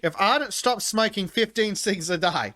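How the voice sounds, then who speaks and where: A man's voice: sits high, normal speed, pushed and bright. A man hosting a podcast in casual chat, blunt and profane as he reads chat comments aloud. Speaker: podcast host.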